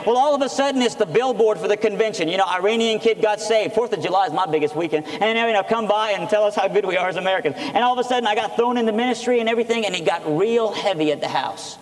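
A man's voice: sits high, fast talker, hardly any pauses. A man preaching his testimony, telling the story earnestly and with energy. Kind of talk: sermon testimony. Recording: echoey hall.

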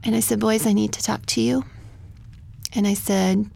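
A woman telling a personal story of loss as a radio guest, soft-spoken and halting, sometimes dropping to a whisper. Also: medium pitch, little pitch movement, vocal fry. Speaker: guest, military widow.

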